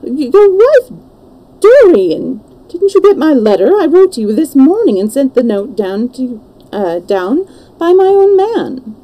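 A woman's voice: medium pitch, big pitch swings, unhurried, dark tone, poor audio. A woman reading the part of a worldly, cynical English lord in a storybook, languid and matter-of-fact. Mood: astonished.

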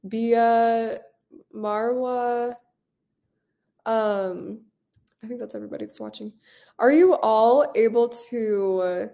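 A woman's voice: a little high, dark tone. Bubbly woman teacher on a video call. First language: English. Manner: upbeat, bubbly, encouraging. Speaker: English teacher. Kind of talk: live online class.

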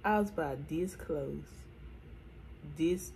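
A woman's voice: mid-range voice, lively intonation, normal speed, fairly bright tone, slight background noise. A woman vlogger chatting playfully with viewers while getting ready, full of slangy asides. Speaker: beauty vlogger. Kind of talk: casual get-ready-with-me chat. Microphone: camera mic while doing makeup.

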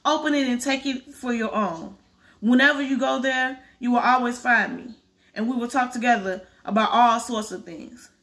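A woman reading aloud as a lively, teasing old fairy godmother in a storybook, with a bright voice. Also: on the high side, moderate pace. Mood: gentle.

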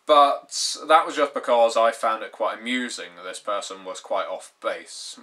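A man's voice: on the low side, normal speed, sharp tone. Wry British man in his twenties. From Britain. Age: 20s. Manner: dry, sardonic, wry humor. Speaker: YouTube gaming channel host. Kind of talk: casual to-camera talk.

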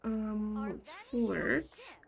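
Slow-talking woman streaming gameplay. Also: medium pitch, animated, gravelly, crowd noise. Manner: casual, bursts into laughter, scolds her game characters. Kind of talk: live-streamed gameplay commentary.

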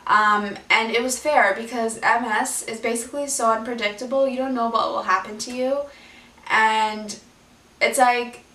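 Young woman, higher voice, rambling candid vlog, roomy echo, set back from the mic. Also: steady tone, normal speed, sharp tone, recorded from a distance. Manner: candid, rambling, addresses viewers as guys. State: left side of face numb, drooling. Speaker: vlogger. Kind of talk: personal vlog. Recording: echoey room, voice from off the mic.

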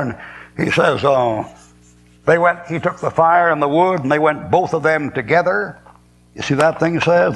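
A man preaching a sermon in a blunt, folksy and sarcastic way, slowing into a weightier cadence when he quotes scripture. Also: on the high side, creaky, a bit bright, slight background noise, low-quality recording.

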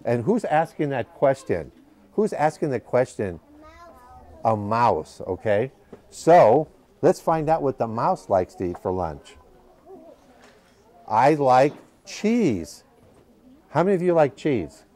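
A man's voice: mid-range voice, very animated, unhurried, warm tone. A man reading a picture book to children at a library, patiently asking the children questions as he goes. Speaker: library storytime reader.

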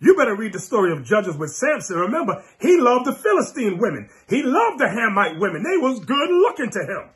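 A man preaching a fiery, mocking sermon, scolding his listeners with sudden shouts. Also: high-pitched, very animated, a little fast, hardly any pauses. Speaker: preacher and teacher.

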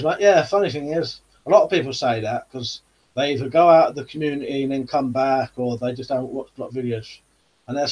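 A man's voice: mid-range voice, darkish tone, breathy edge. A man hosting a live chat stream, casually reading out viewer comments and answering them.

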